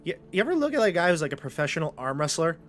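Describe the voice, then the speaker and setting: A man's voice: fairly high pitch, sing-song, rapid-fire. A man narrating a tabletop role-playing game as game master, in rambling, chatty descriptions full of fillers.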